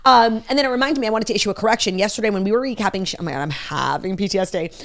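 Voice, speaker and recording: A woman's voice: medium pitch, racing. A woman co-hosting a podcast in casual chat, gushing and opinionated, swearing freely. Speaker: podcast co-host.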